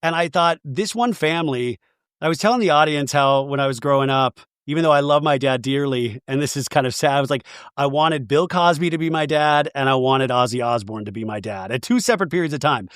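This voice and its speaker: A man's voice: mid-range voice, brisk, fairly bright tone, clean tone, no echo, clean studio sound. A man hosting a podcast, chatting casually about pop culture and acting out quotes as he goes. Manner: chatty, swears, acts out quotes. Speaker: podcast host.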